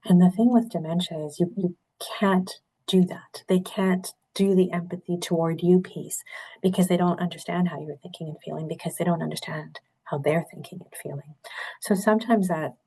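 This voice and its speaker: A middle-aged woman speaks in a low, gravelly register while she presents a webinar. Her voice has a husky edge, and she talks in an earnest, candid way. She sounds like she is on a video call. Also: mellow. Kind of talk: webinar talk.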